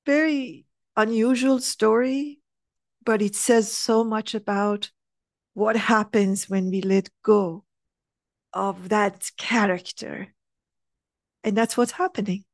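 A middle-aged woman telling a heartfelt personal story, earnest and animated, sometimes dropping to a soft hush. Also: mid-range voice, no echo, studio quality. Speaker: speaker sharing a personal story.

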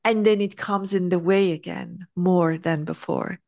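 Woman, spiritual coach, easygoing chat, slows to stress points, dry close sound. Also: on the low side, creaky, no echo. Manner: animated storyteller, acts out quotes. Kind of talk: casual spiritual conversation.

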